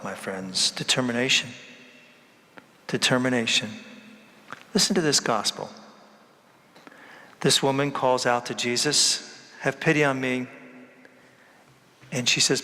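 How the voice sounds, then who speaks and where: A man's voice: medium pitch, moderate pace, long pauses, sharp tone, big-room sound. A man giving a sermon as a priest, emphatic, repeating key words and asking the congregation rhetorical questions.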